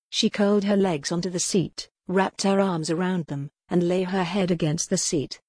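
A woman narrates an audiobook in a measured, even way. Her voice sits a little low for a woman, and the close studio recording is dry with no room sound. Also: slightly rough, no echo. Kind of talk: scripted narration.

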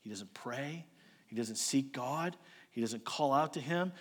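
A man's voice: mid-range voice, animated, unhurried. Male preacher in a reverberant hall. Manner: storytelling, rhetorical questions, shifts between loud emphasis and quiet asides. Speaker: pastor. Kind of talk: sermon.

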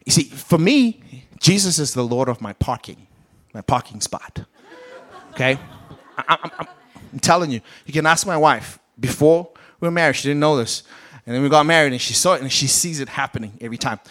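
A man's voice: a little high, expressive, brisk, fairly bright tone. A man preaching a sermon with a British accent, acting out the Bible characters as he goes. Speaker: pastor.

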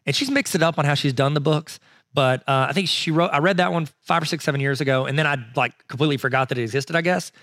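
A man's voice: fairly high pitch, fast, fairly bright tone, no echo, studio quality. A man co-hosting a podcast in casual chat, rambling and joking at his own expense. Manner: rambling, jokey, self-mocking. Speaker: podcast co-host.

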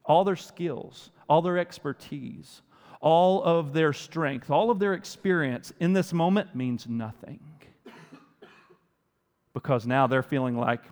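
A male preacher with a high voice delivers an animated sermon full of rhetorical questions. His voice rings out with a long hall reverb. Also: slow pace. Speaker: pastor.

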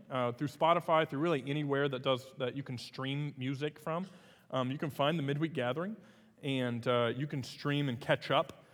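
A man's voice: fairly high pitch, in a large hall. A man preaching a sermon as pastor, in a conversational way with frequent fillers and restarts.

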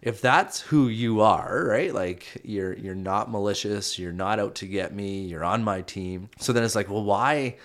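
A middle-aged man with a fairly low voice talks through a personal story on a casual podcast. He is earnest and self-reflective, and he often restarts his sentences. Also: unhurried, hardly any pauses. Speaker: podcast co-host. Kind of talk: casual faith-based marriage chat.

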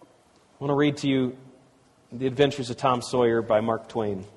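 A male preacher talks in a loose, conversational way, stopping and restarting as he speaks to the audience. His voice is husky. It echoes with the long reverb of a large church hall. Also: medium pitch, fairly even intonation, normal speed. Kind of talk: sermon with storybook reading.

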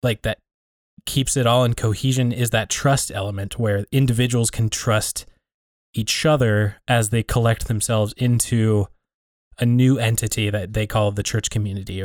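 A man's voice: on the low side, little pitch movement, moderate pace, dry recording. Thoughtful man talking, dry sound. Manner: thoughtful, hesitant, restarts and rephrases often. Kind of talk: reflective casual conversation.

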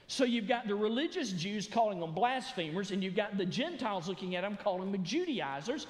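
A man preaching a sermon as pastor, animated and building to emphatic shouts. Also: high-pitched, normal speed. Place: church sanctuary. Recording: echoey church hall.

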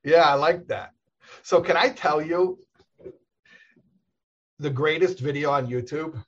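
Rambling, husky-voiced rabbi telling stories. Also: male voice, a little high, slow, dull audio. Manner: rambling storyteller with many restarts and laughs. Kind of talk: casual conversation.

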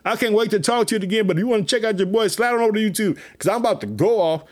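High-voiced, fired-up preaching man. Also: very fast. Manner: energetic, preachy, repeats "let me tell you something". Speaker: podcast host. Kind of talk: animated Bible commentary.

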